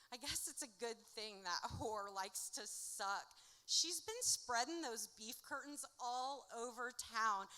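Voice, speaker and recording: A woman with a fairly high, bright voice performs rhyming spoken word poetry live on a theatre stage. Her delivery is rhythmic and swings from loud bursts to hushed lines, and a long reverb from the hall trails after her words. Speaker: poet performing her own work.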